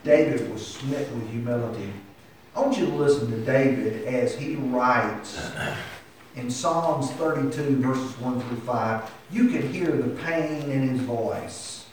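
A man's voice: mid-range voice, a little slow, a little hiss or hum. A man preaching a sermon with impassioned delivery that climbs to emphatic peaks. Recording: echoey hall heard from a distance.

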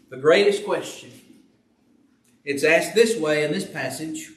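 A man's voice: fairly high pitch, measured pace, fairly bright tone, recorded from a distance. A man preaching a sermon in a church, earnestly asking rhetorical questions and reading scripture aloud. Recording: echoey room, voice from off the mic.

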